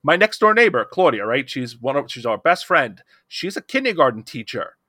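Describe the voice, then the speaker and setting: A man's voice: medium pitch, very animated, moderate pace, pushed and bright, no room sound, studio quality. A middle-aged man co-hosting a podcast, talking in a casual roundtable discussion, impassioned and rambling with restarts. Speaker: podcast co-host.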